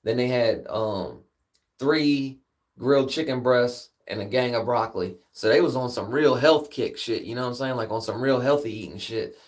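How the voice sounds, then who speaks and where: A man's voice: medium pitch, normal speed. A man hosting a livestream, telling a long story casually, rambling and swearing, with "man" at the end of many sentences. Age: adult with a daughter. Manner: rambling, profane, peppers speech with "man". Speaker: livestream host.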